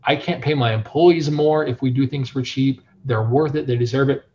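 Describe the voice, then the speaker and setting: A young adult man, a print shop owner, telling his story in a casual interview, animated and full of filler phrases. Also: medium pitch, moderate pace, slight background noise. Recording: dull lo-fi sound.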